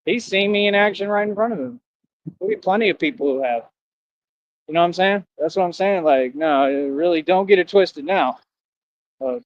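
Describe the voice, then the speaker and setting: High-voiced boastful man, taunting. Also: no echo. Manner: boastful and confrontational, taunting listeners; street slang with repeated catchphrases. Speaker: livestreamer. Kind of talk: rambling livestream monologue. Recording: dull lo-fi stream audio.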